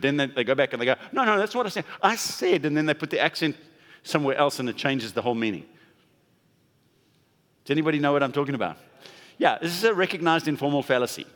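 A man's voice: on the high side, fast, fairly bright tone. A man pastor giving a conversational sermon, leaning hard on stressed words for emphasis. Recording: long hall reverb.

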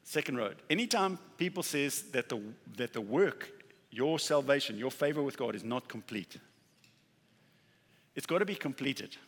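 A male pastor delivering a sermon in a large, echoing hall, where the long reverb trails after each phrase. His pitch sits in the middle range. He talks conversationally and drives his points home by repeating key words and acting out short exchanges. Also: expressive, moderate pace. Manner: conversational preaching with acted-out dialogue and emphatic repetition.

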